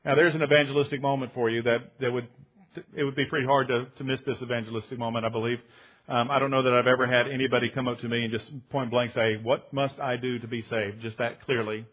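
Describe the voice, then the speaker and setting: Husky-voiced male pastor preaching. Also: mid-range voice, level tone, dull audio. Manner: emphatic, slows down to stress key phrases; addresses listeners as friends, with some restarts. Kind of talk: sermon.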